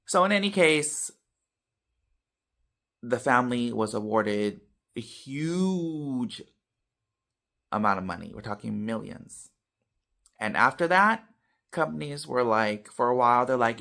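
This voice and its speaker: A man vlogging casually to his viewers, telling a story with animated swings between loud and soft, tagging lines with "you know" and "okay.". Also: mid-range voice, slow pace, creaky, long pauses. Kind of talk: casual talk to camera.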